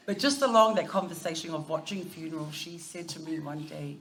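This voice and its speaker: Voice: mid-range voice, lively intonation, a little fast, hardly any pauses, fairly bright tone, slight background noise. A family member giving a eulogy at a funeral service, telling stories and mixing English with Samoan phrases. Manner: anecdotal, laughing through stories.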